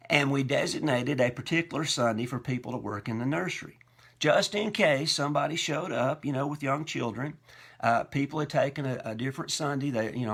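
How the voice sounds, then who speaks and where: A male pastor telling folksy stories from the pulpit with a self-deprecating touch. His voice has a gravelly, creaky texture and a bright, forward tone at an ordinary male pitch. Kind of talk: storytelling sermon.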